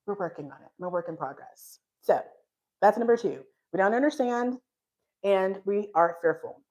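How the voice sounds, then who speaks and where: Animated woman teaching the Bible. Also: medium pitch, moderate pace. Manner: animated storytelling, acting out dialogue with laughs and sighs; frank and self-deprecating.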